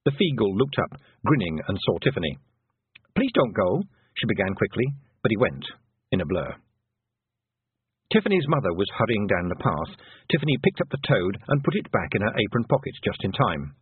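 A man giving an expressive scripted narration of a storybook. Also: on the low side, a little fast, slightly rough, dry recording. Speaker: audiobook narrator. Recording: dry, tinny phone-like sound.

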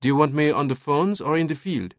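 A man doing an eager young lieutenant, higher-pitched. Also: dry recording, clean studio sound, close to an everyday voice. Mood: earnest. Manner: quick, short reports. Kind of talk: audiobook character voice.

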